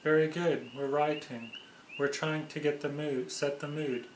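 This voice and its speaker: A man voicing a bright, welcoming woman who offers tea. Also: on the high side, steady tone, unhurried, a little hiss or hum, natural voice. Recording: echoey room.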